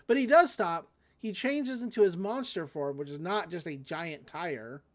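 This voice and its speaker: A woman co-hosting a casual recap chat, swearing freely and acting out characters in quick voices. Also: lowish voice. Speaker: podcast co-host.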